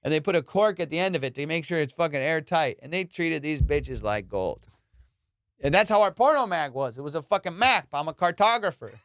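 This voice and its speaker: A man's voice: brisk, no room sound, studio quality. A young man, a comedian, telling a profane childhood story casually and acting out the voices of the people in it. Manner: profane, animated, acts out quotes with loud high jumps. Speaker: comedian podcast host.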